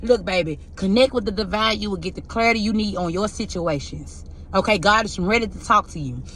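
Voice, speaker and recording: A woman's voice: mid-range voice, fairly quick, fairly bright tone, slight background noise. Tarot lady preaching to her viewers, heartfelt and confessional, keeps asking if u get what she's saying. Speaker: tarot reader giving spiritual messages. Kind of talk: emotional spiritual pep talk to viewers.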